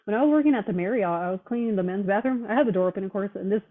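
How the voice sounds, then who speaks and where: A woman's voice: mid-range voice, rapid-fire. Woman on a tinny phone line. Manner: blunt, profane, fired-up talk. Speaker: roundtable guest. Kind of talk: casual chat.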